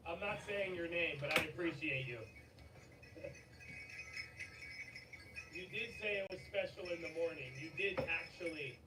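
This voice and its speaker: A man hosting a livestream, excitable and swearing, with a strained, fading voice and sudden shouts and laughter. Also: a little high, unhurried, pauses often, far from the mic, over loud music. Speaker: livestream host. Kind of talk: hyped livestream chat. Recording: echoey, off-mic, with loud background noise.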